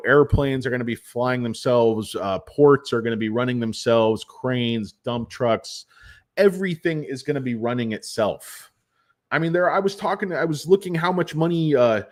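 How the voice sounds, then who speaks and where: A man in a mid-range voice gives loose, rambling stock commentary. He drifts off on tangents and swears freely. His tone is casual and unscripted. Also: mid-range voice. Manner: rambling, profane, digressive. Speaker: stock vlogger.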